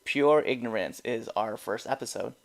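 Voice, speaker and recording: A man's voice: medium pitch, moderate pace, gravelly. Laughing, rambling podcast host man. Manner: laughs often, rambling, excitable. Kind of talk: casual podcast chat while watching wrestling.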